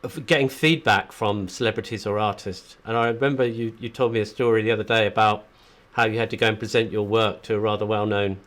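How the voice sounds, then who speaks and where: A man hosting an interview, asking questions in a halting way as he searches for words. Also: lowish voice, steady tone, fairly bright tone. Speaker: podcast host.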